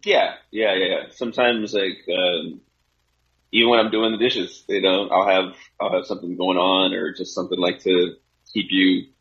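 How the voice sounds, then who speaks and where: A middle-aged man co-hosting a podcast in casual chat, swearing freely and getting excitable in his rants. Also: low-pitched, normal speed. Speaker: podcast co-host. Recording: dull, lo-fi sound.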